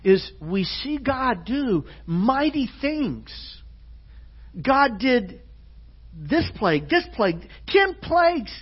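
A man preaching a sermon in a church. He is earnest, moving between hushed, soft passages and loud, emphatic ones. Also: extremely high pitch, big pitch swings, takes it slowly, breathy edge. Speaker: pastor. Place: church sanctuary. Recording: dull lo-fi church recording.

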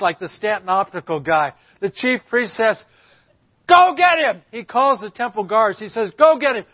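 A man's voice: sits high, no echo. A man as a guest preacher delivering a sermon, telling the story with dramatic emphasis. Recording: slightly muffled dry recording.

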